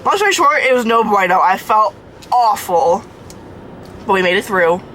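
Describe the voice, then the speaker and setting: A woman's voice: mid-range voice, lively intonation, moderate pace, a bit bright, slight background noise, low-quality recording. A young woman chatting casually in a vlog, out of breath, rambling with lots of likes and restarts. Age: young adult. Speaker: vlogger.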